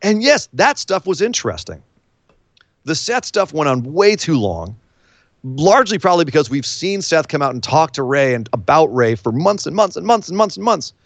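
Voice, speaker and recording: Man, podcast co-host, casual recap, lively pitch, dry close sound. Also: moderate pace, dry recording. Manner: animated, acts out quotes in voices. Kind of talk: casual wrestling recap chat.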